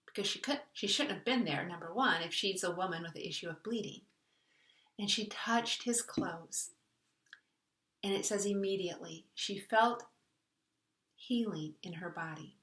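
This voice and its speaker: A woman's voice: mid-range voice, a bit bright, far from the mic. Conversational woman in an echoey room. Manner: earnest, conversational, retells a story with voiced quotes. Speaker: host. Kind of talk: reflective spiritual talk. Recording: echoey room, voice a bit off-mic.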